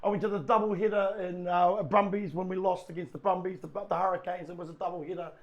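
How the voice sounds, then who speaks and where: High-voiced, animated New Zealand man. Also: fast, highs cut off. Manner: animated storyteller, laughs often. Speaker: podcast guest. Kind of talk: casual chat.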